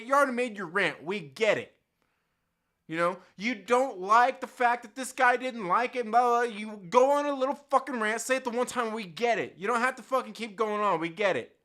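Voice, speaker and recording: Fired-up ranting man with a bright voice. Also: sits high. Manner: heated, swears constantly, mocks others in put-on quotes. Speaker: YouTube channel host. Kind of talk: profane unscripted rant to camera.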